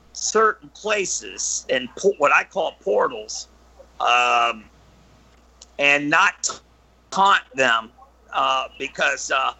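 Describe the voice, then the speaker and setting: Male guest storyteller, high and very lively pitch, deliberate pace, full of ums and restarts. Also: vocal fry, poor audio. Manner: halting, many fillers and restarts, animated when telling stories. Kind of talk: storytelling in casual chat.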